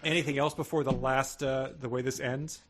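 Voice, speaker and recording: A man's voice: medium pitch, fairly even intonation, a little fast. A man in his thirties co-hosting a book podcast, joking and reading passages aloud with mock drama. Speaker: podcast co-host.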